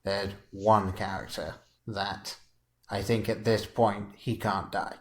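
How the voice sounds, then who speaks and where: A man co-hosting a podcast in a relaxed, rambling way, often chuckling as he talks. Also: lowish voice, takes it slowly. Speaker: podcast co-host. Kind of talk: casual podcast chat.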